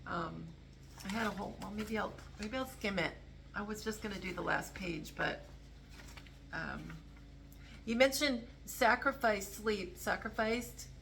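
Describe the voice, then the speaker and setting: This political commentary vlogger has a mid-range, gravelly yet fairly bright voice and a measured pace, with a little hiss or hum behind her. She chats casually to camera, rambling, self-interrupting and earnest.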